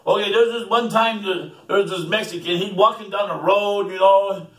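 A man's voice: high voice, steady tone, normal speed. A man telling a joke casually, rambling, repeating words and chuckling often. His voice is heard in a roomy space from a distant mic. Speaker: joke teller.

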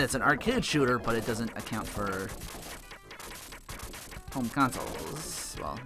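Casual male let's-player, middle pitch, profane and rambling, music underneath. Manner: rambling, profane, joking asides. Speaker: let's play host. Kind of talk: casual gameplay commentary. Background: game music.

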